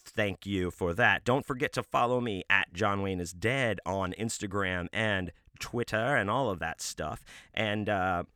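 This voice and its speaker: A man hosting his own podcast, telling a comic story in a deadpan, mock-serious way and drawing out words for emphasis. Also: fairly low pitch, a little slow, few pauses, no room sound, clean studio sound. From United States. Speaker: podcast host.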